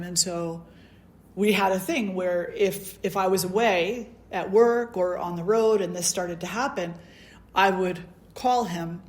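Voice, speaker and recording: Storytelling woman spiritual teacher. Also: fairly low pitch. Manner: storytelling, acts out quoted dialogue. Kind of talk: storytelling talk at a satsang.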